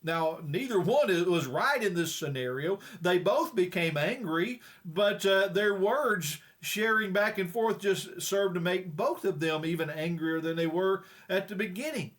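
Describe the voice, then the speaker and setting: High-voiced plain-spoken preacher. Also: male voice, measured pace, hardly any pauses, fairly bright tone. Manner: folksy, plain-spoken, frequent hesitations. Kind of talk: sermon.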